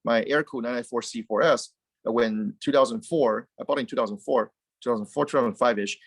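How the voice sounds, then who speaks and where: Animated man, dry close sound. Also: mid-range voice, fast talker, creaky, husky, dry recording. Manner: animated, rambling with frequent restarts and repeated words. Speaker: guest, car company founder. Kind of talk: casual interview chat.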